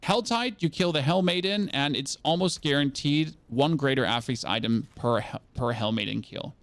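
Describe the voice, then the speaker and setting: A man's voice: mid-range voice, moderate pace, dry recording. A German man, a native German speaker, chatting casually on his live stream, rambling, repeating words and swearing now and then. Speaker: game streamer.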